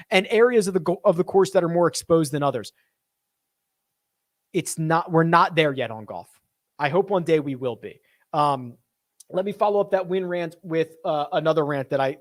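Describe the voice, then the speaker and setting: A young man with a somewhat high voice talks through viewer questions on a live stream, musing aloud as he goes. His voice sits close and dry, with no room sound around it. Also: dry recording. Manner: chatty, thinks aloud, reads viewer questions. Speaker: host. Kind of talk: casual live-stream chat.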